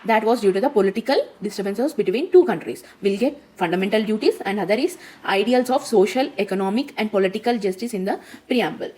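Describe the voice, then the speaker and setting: A woman's voice: medium pitch, a little mellow, rough recording. A woman giving an exam-prep lesson, repeating points and checking in with "okay?" and "right?". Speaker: teacher.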